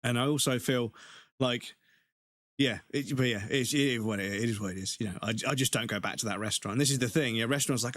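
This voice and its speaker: English male streamer, casual sweary rants between gameplay, mid-pitched everyday voice. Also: expressive, quick pace, dry recording, clean studio sound. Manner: sweary, ranting, laughing asides. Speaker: game streamer. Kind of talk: casual live-stream chat.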